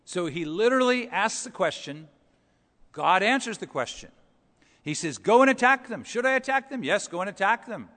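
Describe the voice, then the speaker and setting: A man's voice: sits high, very animated, moderate pace, bright, forceful tone, long reverb tail. A man preaching a sermon, explaining scripture verse by verse in a conversational way with rhetorical questions.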